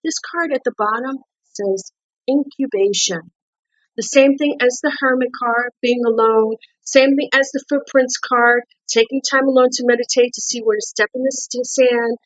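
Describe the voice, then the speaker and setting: This is a woman on the high side of pitch, steady in tone and moderate in pace, giving an informal tarot card reading over poor audio. Her English has a non-native accent, and she restarts words, repeats herself, and coaxes with questions.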